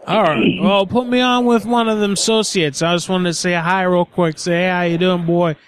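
A man's voice: high-pitched, fairly even intonation, moderate pace, a little hiss or hum. A man making crude, bossy prank phone calls as a radio show host.

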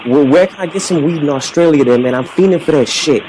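A man's voice: a little high, fast talker, noisy background, natural voice. A man putting on a pushy, crude American tourist on a prank call, drawling in slang and cursing. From United States. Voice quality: drawling slangy street talk.

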